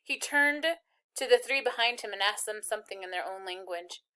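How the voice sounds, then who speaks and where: A woman reading a novel aloud with steady, expressive narration. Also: mid-range voice, moderate pace, clean tone. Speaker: reader.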